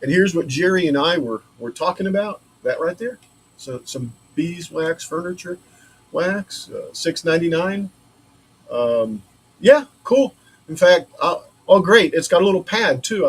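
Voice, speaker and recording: A maker livestreams a laser-cut build from his woodworking shop, chatting casually and rambling as he thinks aloud while working. His voice sits on the high side with lively intonation, a breathy edge, and a normal speaking speed.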